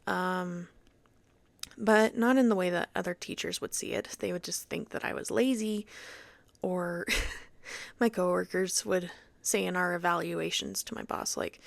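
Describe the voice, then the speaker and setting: Young podcast host lady, chatty and animated, bit of fry, dry mic. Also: medium pitch, unhurried, dry recording. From Utah. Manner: chatty, animated, acts out quoted voices. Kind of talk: casual personal story.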